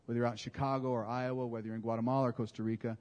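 A man preaching a sermon in a conversational, animated way, often correcting his own words. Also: mid-range voice, racing, muffled recording. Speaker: pastor. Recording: long hall reverb.

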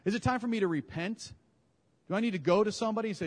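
A man preaching a sermon in a conversational, animated way, often correcting his own words. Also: high voice, fast. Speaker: pastor. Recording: long hall reverb.

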